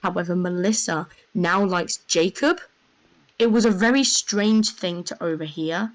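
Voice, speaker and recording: A young woman telling a rambling, excitable story in casual voice chat, full of fillers. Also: on the low side, a little slow, rough recording. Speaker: gamer.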